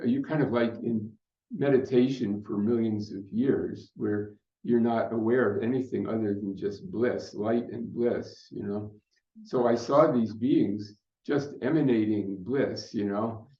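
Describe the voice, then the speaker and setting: An older man speaking at a conference, telling a personal story in an unhurried, reflective way with fillers. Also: mid-range voice, mellow. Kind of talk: storytelling talk. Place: conference hall. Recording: muffled roomy hall recording.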